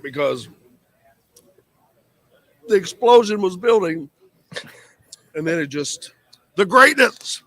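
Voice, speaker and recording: A man with a Midwestern American accent hosting live sports radio, talking with animated, exclaiming energy. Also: a little high, a little slow, pauses often, no echo. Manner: animated, exclaiming through a spicy shrimp challenge. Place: radio broadcast set at a live event.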